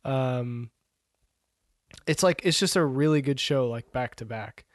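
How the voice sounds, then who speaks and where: A man co-hosting a casual podcast, rambling in a relaxed way with many fillers. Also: medium pitch, a little slow, no room sound, studio quality. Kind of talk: casual chat about movies and shows.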